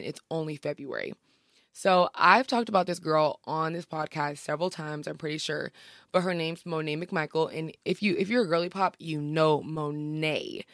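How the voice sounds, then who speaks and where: A woman's voice: sits low, fairly bright tone, no echo, clean studio sound. A young woman hosting a podcast, chatting casually and gushing with lots of slang. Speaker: podcast host. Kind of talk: casual chat.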